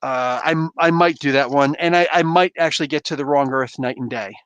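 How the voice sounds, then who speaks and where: A man's voice: a little high, a little fast, fairly bright tone, clean tone, dry recording. Laid-back man, dry close sound. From Canada. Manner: laid-back, laughs often, self-deprecating. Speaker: livestream host. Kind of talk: casual chat reading viewer comments.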